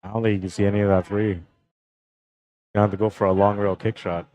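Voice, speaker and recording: Laid-back low-voiced male stream commentator. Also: little pitch movement, fast, darkish tone, low-quality recording. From Canada. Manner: laid-back, chatty, greets viewers by name. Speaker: pool tournament streamer and commentator. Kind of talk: casual live-stream commentary.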